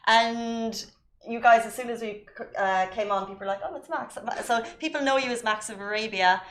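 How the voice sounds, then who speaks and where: A woman with an Irish accent, hosting a studio interview show, talking fast and chatty. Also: on the high side, fairly even intonation, a bit bright. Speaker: show host.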